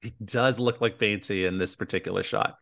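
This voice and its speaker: A man's voice: lowish voice, steady tone, brisk, creaky, fairly bright tone. A man co-hosting a podcast, recapping a movie in loose casual chat, full of "like" and acted-out quotes. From United States. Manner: rambling, many "like"s, acts out quotes. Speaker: podcast co-host.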